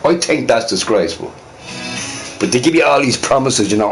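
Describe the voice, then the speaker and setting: A man's voice: mid-range voice, expressive, normal speed, soft background music. A man hosting a casual livestream, talking heatedly to his chat and repeating his points. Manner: talks to chat viewers directly; heated, scornful. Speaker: livestream host.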